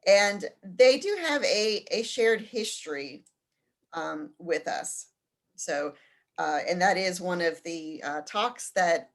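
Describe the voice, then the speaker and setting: A woman with a slightly low voice presenting a study-abroad trip in a casual info session. She often stops to search for words, with frequent ums and restarts. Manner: hesitant, many ums and restarts.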